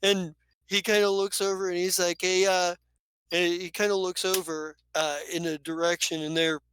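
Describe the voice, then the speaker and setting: A man's voice: high-pitched, little pitch movement, moderate pace, fairly bright tone, slight background noise, poor audio. A man narrating as game master of a tabletop game, rambling loosely with fillers.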